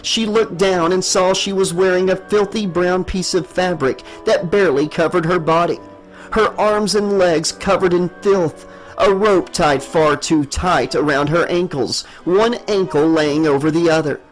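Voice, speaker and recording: A man narrating his own horror novel in a steady, dramatic storytelling manner. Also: high-pitched, unhurried, faint music behind, poor audio. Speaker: author and narrator. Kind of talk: audiobook narration.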